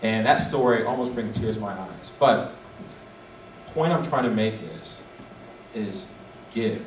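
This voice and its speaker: A man's voice: on the low side, unhurried, long pauses. A man in his forties giving a motivational speech as a guest speaker, telling a personal story and acting out its dialogue. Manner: animated, acts out dialogue. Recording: echoey hall, distant mic, faint noise.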